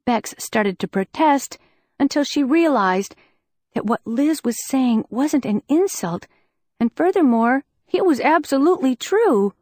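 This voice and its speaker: A woman narrating a first-person audiobook in a measured, earnest storytelling manner. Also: a little high, lively intonation, a little mellow, dry recording, studio quality.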